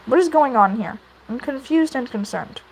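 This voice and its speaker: Giggly young woman, lively high voice. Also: moderate pace, slight background noise. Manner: rambling, giggly, many fillers. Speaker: video creator. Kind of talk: casual chat while drawing.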